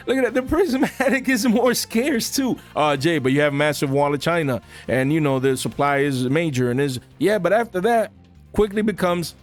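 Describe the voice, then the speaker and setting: A man whose voice sits a little high chats about the card market for his viewers. His commentary is lively and informal, peppered with slang and remarks directed at "guys."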